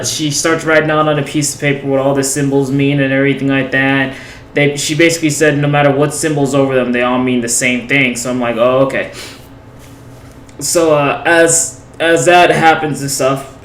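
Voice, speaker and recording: A young man tells a story in a meandering, casual way, circling back on himself with plenty of fillers. His voice sits at a middle pitch, and the recording has a roomy echo with faint background noise. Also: flat delivery, a little fast, fairly bright tone. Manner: rambling, many restarts and fillers. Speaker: gaming vlogger telling a personal story. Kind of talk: casual storytelling over gameplay.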